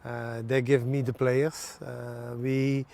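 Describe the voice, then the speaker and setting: A man, a national team's head coach, answering in halting non-native English with many pauses and fillers in a TV sports interview. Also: medium pitch, little pitch movement, vocal fry, a little mellow. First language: not English.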